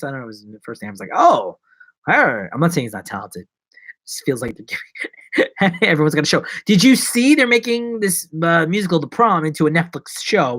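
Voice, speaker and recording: A young adult man, an actor and vlogger, chatting casually on a live stream in a jokey, rambling way, jumping between loud bursts and low mumbles. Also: creaky, no echo.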